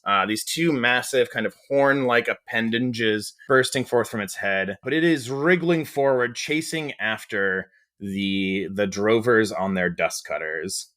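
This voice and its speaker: A man's voice: fairly low pitch, a little slow, a bit bright. A man acting as game master, describing the scene at length with lots of restarts and fillers. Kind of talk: narrating a tabletop game.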